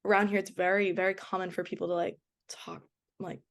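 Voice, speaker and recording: As a guest on a podcast, a young woman who plays goalkeeper for her college soccer team talks in an easygoing interview. She has a slight Boston accent, a voice on the low side, and a flat, slightly fast delivery, with frequent laughter and plenty of fillers.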